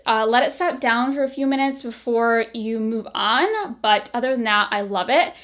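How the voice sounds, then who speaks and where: A woman's voice: fairly high pitch, fairly bright tone. A woman vlogging casually about beauty products, chatty and full of fillers, a little out of breath. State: a bit out of breath.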